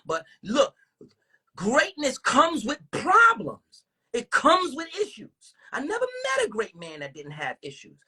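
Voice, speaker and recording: A woman with a husky voice, hosting a casual livestream and ranting in animated, profane talk full of rhetorical questions. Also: high voice, unhurried. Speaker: livestream host.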